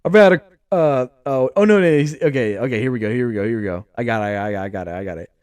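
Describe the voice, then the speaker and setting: A man's voice: medium pitch, lively intonation, fast talker, darkish tone, clean tone, dry recording, voice pushed down, natural voice. A man imitating an impassioned football head coach, speaking in an earnest, emphatic, pleading way.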